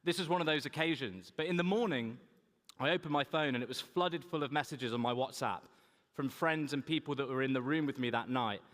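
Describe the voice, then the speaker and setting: A man's voice: mid-range voice, fairly quick, fairly bright tone. A young man giving a humorous keynote talk, telling anecdotes to a large audience. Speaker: keynote speaker. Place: large conference hall. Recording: echoey hall reverb.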